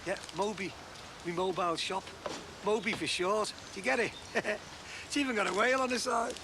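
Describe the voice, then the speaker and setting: A jokey, matey shopkeeper. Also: male voice, high voice, moderate pace. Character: cheerful chatty man who runs a mobile shop. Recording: noisy TV broadcast sound.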